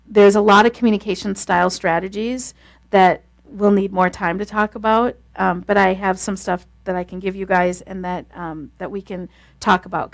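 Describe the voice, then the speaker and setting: A woman leading a class on marriage communication, talking fast and telling stories in a lively, casual way. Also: mid-range voice, vocal fry. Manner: fast-talking, animated storytelling.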